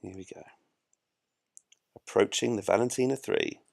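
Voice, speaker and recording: A man's voice: on the low side, moderate pace, vocal fry, darkish tone, dry recording, studio quality. A man giving chatty, self-mocking live commentary while he plays a space game. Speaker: gameplay streamer.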